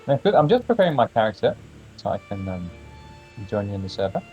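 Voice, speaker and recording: A man's voice: on the low side, big pitch swings, quick pace, a little mellow, muffled recording, faint music behind. A man from Sweden, chatting eagerly as a guest on a gaming stream and often restarting his words. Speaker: game composer, guest. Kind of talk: casual chat over a game session.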